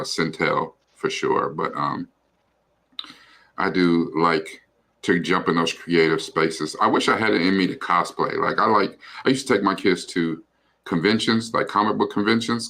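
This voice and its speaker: Gravelly and low with a fairly bright tone, this man co-hosts a livestream. He keeps the conversation casual and loose, rambling with lots of fillers and a few swear words.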